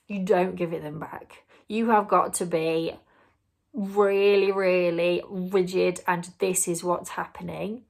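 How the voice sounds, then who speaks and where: A woman's voice: on the low side, fairly even intonation, takes it slowly, creaky. A woman giving earnest, explanatory parenting advice to camera, sometimes acting out what a parent or child might say. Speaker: parenting vlogger.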